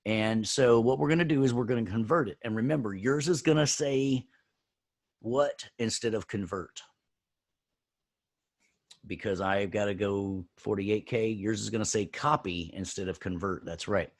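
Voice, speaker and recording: A man with a fairly low, husky voice leads a hands-on software class. He sounds upbeat and playful, tossing in jokes and sound effects. He keeps checking in with the students as he goes. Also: moderate pace. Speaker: audio production teacher.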